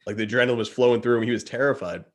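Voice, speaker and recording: A man's voice: mid-range voice, very fast. A man in his thirties, a guest, earnestly retelling a story in casual chat and often calling the listener dude. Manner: earnest, animated retelling, says dude a lot.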